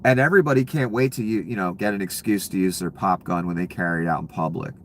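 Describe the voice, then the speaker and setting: A political commentator with a deep voice delivers an angry rant at a quick pace, heated, sarcastic, and full of profanity. Slight background noise can be heard.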